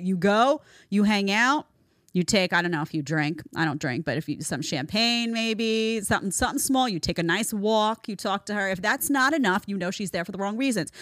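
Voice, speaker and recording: A woman's voice: medium pitch, a bit bright, dry recording, clean studio sound. A woman hosting a reaction commentary show, talking emphatically and repeating phrases for stress. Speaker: host. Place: studio in Florida.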